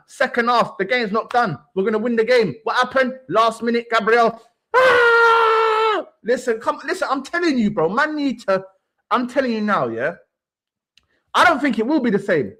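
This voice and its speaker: A man's voice: high voice, a bit bright. A young man hosting a livestream, ranting brashly about football with swaggering street slang. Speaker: livestream host. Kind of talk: heated fan rant.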